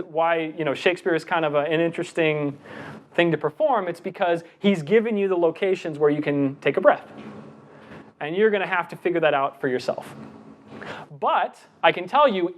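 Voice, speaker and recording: A middle-aged man presenting a lecture on giving talks, animated, reciting verse with deliberate breaths. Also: high-pitched, slight background noise.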